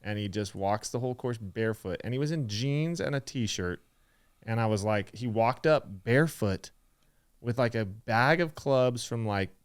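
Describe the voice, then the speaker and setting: A young man co-hosting a casual golf chat, with a smooth, resonant voice at an everyday middle pitch. He tells long, rambling stories in a relaxed way, dropping the odd swear word. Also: normal speed. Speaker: podcast co-host.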